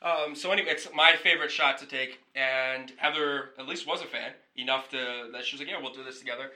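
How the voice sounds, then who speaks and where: A man's voice: medium pitch, fairly even intonation, fairly quick, sharp tone, poor audio. A man hosting a podcast, telling a rambling story in casual chat and swearing freely. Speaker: podcast host.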